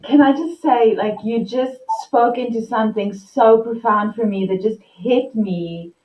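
A woman's voice: fairly high pitch, measured pace. A woman hosting an interview on a video call, enthusiastic and emotionally open as she shares her own experience. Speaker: host. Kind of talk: conversational interview. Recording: echoey distant muffled sound.

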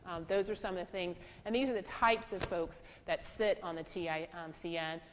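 A woman's voice: on the low side, normal speed, a little hiss or hum. A woman speaker giving a lecture on trauma, telling stories from her casework and acting out the voices of the people in them. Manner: storytelling, animated when acting out quotes, laughs. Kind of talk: lecture to a law school audience. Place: lecture hall. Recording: reverberant lecture hall.

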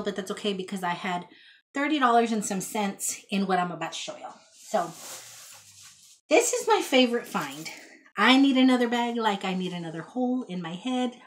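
A woman's voice: mid-range voice, a little hiss or hum. A woman chatting casually to camera about her thrift finds in a child's bedroom at home, rambling and folksy. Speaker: thrift haul vlogger.

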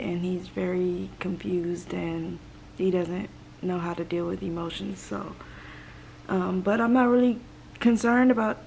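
Young woman vlogging sick, stuffy and a bit weepy, rambly, fry in her voice. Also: mid-range voice, darkish tone, a little hiss or hum. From Los Angeles, United States. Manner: rambling, talks in reported thoughts. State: sick and congested, emotional. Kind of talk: casual vlog talk.

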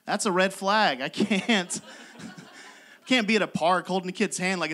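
A man's voice: sits high, unhurried, long pauses, pushed and bright, a little hiss or hum. A young man doing a self-deprecating stand-up set on a club stage, often laughing through his lines. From West Virginia. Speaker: stand-up comedian.

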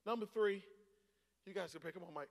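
A pastor from Boston preaching a sermon to his church, moving from quiet storytelling to shouted exhortation. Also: high-pitched, brisk, gravelly, in a large hall. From Boston, United States. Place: church auditorium.

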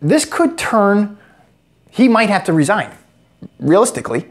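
A man's voice: sits high, sing-song, unhurried. An American man giving a sarcastic, joke-filled commentary vlog as a political commentator. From United States. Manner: sarcastic, joking asides.

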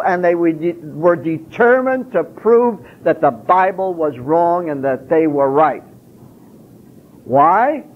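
A man's voice: sits high, a little hiss or hum. A man giving an emphatic public lecture, posing rhetorical questions and answering them himself. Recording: tinny lo-fi phone-like recording.

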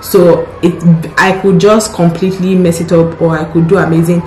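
Young female doctor vlogger, chatty and nervous, low-ish voice, echoey phone audio. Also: little pitch movement, moderate pace, darkish tone, slight background noise. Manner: chatty and nervous, repeats herself. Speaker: doctor vlogging exam prep. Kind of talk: casual vlog talk to camera.

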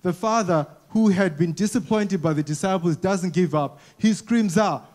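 A man's voice: high-pitched, moderate pace, darkish tone. A man preaching a conversational sermon to a church congregation, often repeating words as he goes and asking the people questions. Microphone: wearing a mic.

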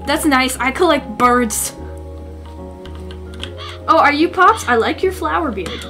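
A woman streamer giving goofy, excitable let's play commentary. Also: sits high, a little slow, long pauses, over music. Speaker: gaming streamer.

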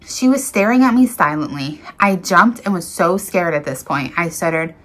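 A woman's voice: lowish voice, lively intonation, moderate pace, a bit bright. A woman reading viewers' paranormal encounter stories aloud in an earnest, dramatic way, with small slips and restarts.

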